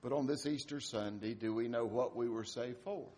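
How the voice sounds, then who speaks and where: A man preaching an Easter sermon, telling a story with dramatic swings in loudness. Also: medium pitch, moderate pace. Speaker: pastor.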